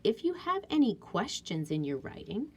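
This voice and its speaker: A woman teaching a writing lesson to young children, thinking aloud in a slow, patient, sing-song way as she edits a story. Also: medium pitch, big pitch swings, breathy edge. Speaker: elementary school teacher.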